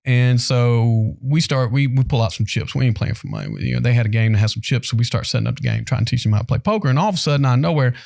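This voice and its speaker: Speaking in rapid fire with hardly any pauses, a North Carolina man with a medium-pitched, vocal-fry voice co-hosts a casual podcast, animatedly acting out the people and quotes in his stories. The recording is dry, with clean studio sound.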